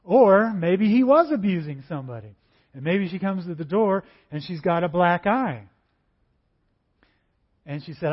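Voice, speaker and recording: Higher-voiced male preacher, lo-fi recording. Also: lively intonation, a little slow, pauses often, husky. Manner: acts out dialogues in varied voices. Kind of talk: sermon. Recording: dull lo-fi recording.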